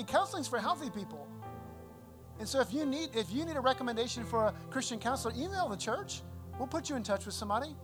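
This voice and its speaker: A man preaching a sermon as pastor, in a conversational way, repeating phrases for emphasis. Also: very high voice.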